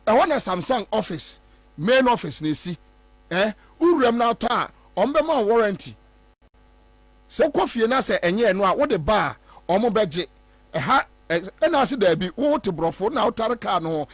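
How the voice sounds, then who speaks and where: A Ghanaian man talks through politics in a lively, high-pitched voice, sliding between Twi and English and mimicking others as he goes. The sound is dry and close, with a faint mains hum underneath. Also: normal speed, dry recording. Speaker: political commentator. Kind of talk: animated political commentary.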